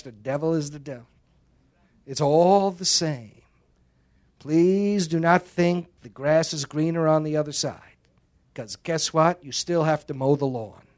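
A man preaching a sermon in a slightly high voice. His delivery is emphatic and dramatic. He breaks it up with joking asides.

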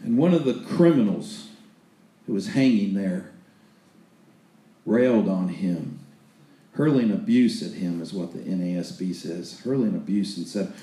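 Folksy, mellow-voiced preacher man, echoey room. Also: sits low, measured pace. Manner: folksy storytelling with repeated restarts. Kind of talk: sermon.

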